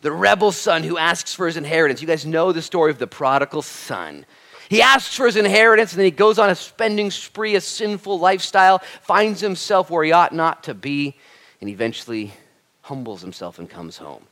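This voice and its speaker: Pitched on the higher side and moving fairly fast, this man delivers a sermon to his flock. He keeps things lively and chatty, dropping in spirited quoted remarks as he goes.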